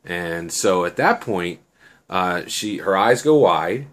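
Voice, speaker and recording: A man's voice: low voice, animated, takes it slowly. A man telling a story off the cuff, rambling with many fillers and self-corrections. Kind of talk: improvised oral storytelling.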